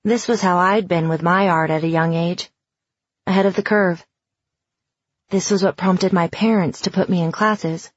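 A woman reading a first-person audiobook in a reflective, even storytelling manner. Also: fairly low pitch, normal speed, no echo, highs cut off. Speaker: audiobook narrator.

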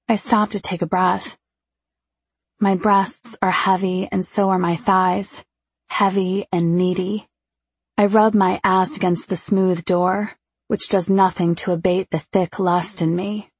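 A woman reads a first-person audiobook in a hushed, intimate voice. Her tone is husky and edged with vocal fry, and she takes her time over each line. The sound is close and dry, with no room around it. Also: fairly low pitch, steady tone, measured pace, no room sound. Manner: hushed, intimate, lingering delivery. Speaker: audiobook narrator.

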